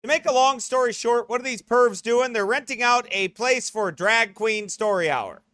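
A man who is a pastor delivering a brash, mocking, rapid-fire rant to an online audience. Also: very high-pitched, bright, forceful tone, dry recording, studio quality. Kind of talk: online ranting sermon.

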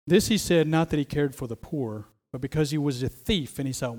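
A man's voice: mid-range voice, fairly quick, few pauses, darkish tone. A man preaching a sermon, emphatic, often repeating phrases and restarting as he stresses a point.

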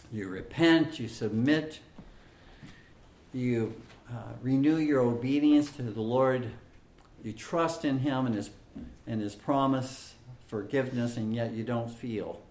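A man preaches an expository sermon slowly and deliberately, and his voice carries an echo from the room. He builds his points with emphasis and repeats phrases, with plenty of small fillers along the way. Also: medium pitch, darkish tone. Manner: measured, emphatic preaching with frequent fillers and repetitions. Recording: echoey room.

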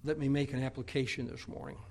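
A man preaching a sermon, telling Bible stories with animated acted-out voices, swinging from loud peaks to hushed low tones. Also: quick pace.

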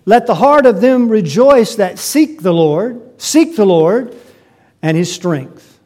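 High-voiced man preaching with animation. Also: takes it slowly. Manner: animated preaching, swinging from loud emphasis to quiet asides. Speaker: pastor. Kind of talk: sermon.

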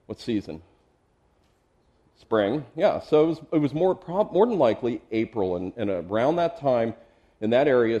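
A man's voice: mid-range voice, mellow. A man preaching an expository sermon as pastor, in a conversational way with chuckling asides and repeated words as he thinks.

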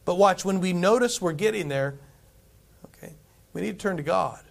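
A man's voice: sits high, normal speed, vocal fry. A man preaching a conversational sermon, repeating phrases for emphasis. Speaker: pastor.

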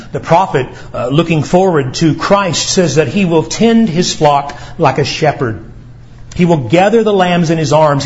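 A man preaching a sermon in an earnest, deliberate way, rising in emphasis when he asks questions. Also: on the high side, lo-fi sound. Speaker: pastor.

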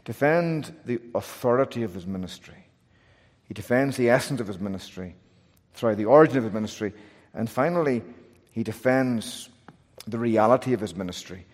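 A male pastor preaching an earnest, animated sermon from the pulpit, with touches of self-deprecating humor. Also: mid-range voice, moderate pace. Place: church sanctuary, pulpit. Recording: long church reverb.

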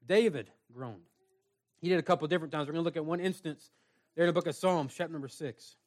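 A young man with a notably high voice preaches a sermon. He talks earnestly and plainly, circling back over his phrases and reading scripture aloud. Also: fast talker, darkish tone.

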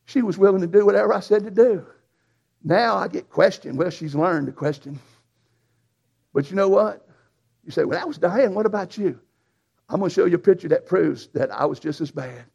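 A preacher who tells a folksy, animated story in a sermon. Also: male voice, sits high, normal speed, vocal fry, pauses often, breathy edge. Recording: dull lo-fi sound.

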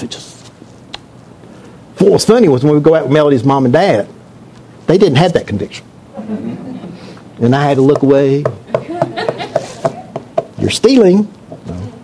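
In church, a pastor preaches to his congregation in a joking, conversational manner, putting questions to the room. His voice is a little high with a dark tone.

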